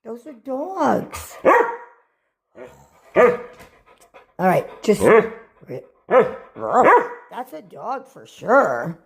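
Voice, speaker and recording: A woman's voice: on the high side, big pitch swings, extremely slow, vocal fry, long pauses. A woman talking playfully to her pet dog, coaxing and praising it. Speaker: pet owner. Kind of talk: casual talk to a pet.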